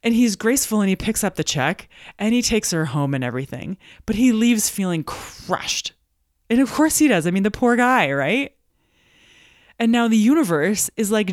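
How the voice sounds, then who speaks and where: A woman from Montana hosting a solo podcast, telling stories in an animated way and acting out voices of the people in them. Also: mid-range voice, normal speed, no echo, clean studio sound. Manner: animated storytelling, acts out quoted voices. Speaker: podcast host and business coach.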